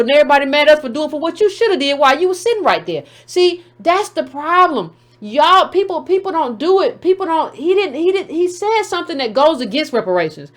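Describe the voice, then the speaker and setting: A woman host with a high-pitched voice and talks back to a caller. She is blunt and combative and repeats herself to keep the floor. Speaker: show host taking calls. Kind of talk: heated call-in show commentary.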